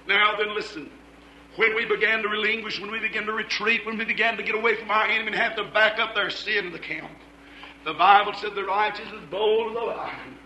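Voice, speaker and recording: Shouting preacher with a piercing high voice. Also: male voice, steady tone, fairly quick, roomy sound, poor audio. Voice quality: loud, rhythmic, repetitive preaching cadence. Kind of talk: fiery shouted sermon.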